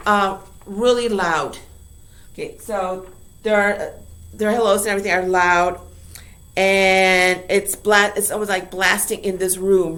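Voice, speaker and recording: A woman's voice: mid-range voice, a bit bright. A woman teacher explaining a poem to her class in a chatty way, often checking in with her listeners.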